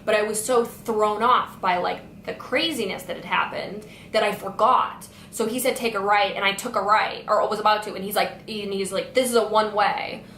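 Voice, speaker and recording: A woman's voice: medium pitch, normal speed, hardly any pauses. A young woman vlogger telling a storytime tale with lots of "like" fillers. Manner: animated retelling full of "like" fillers. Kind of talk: storytime vlog. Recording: echoey room with faint noise.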